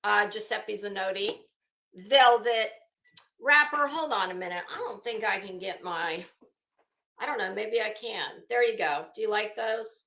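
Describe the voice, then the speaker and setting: A woman's voice: mid-range voice, lively intonation, unhurried, vocal fry, sharp tone. Chatty woman host greeting live viewers. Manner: chatty, rambling, greets viewers by name, frequent restarts. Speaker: commentary livestream host. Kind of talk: casual livestream chat reading viewer comments. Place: home office.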